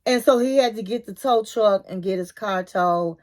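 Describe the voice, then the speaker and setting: A woman's voice: medium pitch, moderate pace. A woman with hosting a casual reality TV recap, animatedly retelling scenes and acting out what people said. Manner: animated retelling, acting out quotes, chatty asides.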